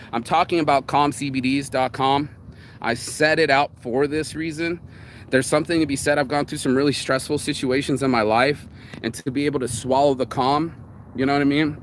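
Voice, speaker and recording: A man's voice: mid-range voice, slight background noise. A man giving a casual motivational talk outdoors by a road, rambling and candid, swearing freely and acting out other people's lines. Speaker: vlogger giving morning motivation.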